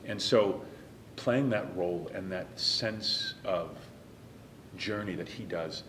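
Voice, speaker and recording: A low-voiced man talks about his stage work with earnest, open feeling, sometimes dropping almost to a whisper. The room is echoey, with steady noise behind him. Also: slow. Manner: earnest and emotional, some lines softly whispered. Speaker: interview guest, stage actor. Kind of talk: reflective interview talk.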